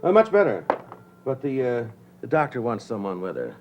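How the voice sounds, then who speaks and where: A man's voice: mid-range voice, wildly swooping pitch, moderate pace, music in the background, poor audio. An actor playing an anxious painter and father who hesitates and frets. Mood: worried. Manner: hesitant, many uh's, fretful.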